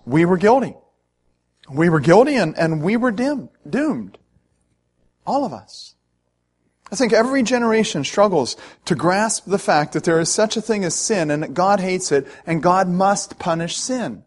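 A man's voice: high voice, big pitch swings, moderate pace. A male pastor preaching a sermon in an earnest, emphatic way, with frequent "uh" fillers.

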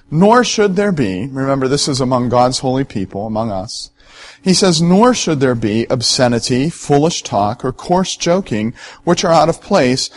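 A middle-aged man, a pastor giving a sermon in a conversational, storytelling way and speaking directly to his listeners. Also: mid-range voice.

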